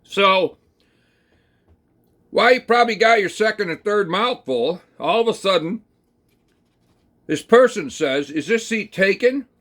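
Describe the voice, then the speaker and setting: A man telling a rambling, folksy second-person story, talking slowly through it with plenty of hesitations and fillers. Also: high-pitched, lively intonation, fairly bright tone. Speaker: channel host.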